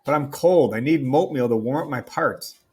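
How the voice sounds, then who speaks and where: A man voicing a plaintive five-year-old boy, with a slightly husky tone. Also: medium pitch, moderate pace, a little mellow, lightly acted. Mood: whiny. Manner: pleading and plaintive. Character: whiny little boy, five years old.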